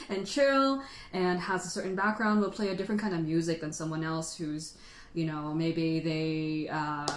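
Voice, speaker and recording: A woman hosting a casual livestream who chats in a rambling way and laughs often. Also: lowish voice. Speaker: tea livestream host. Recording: roomy echo.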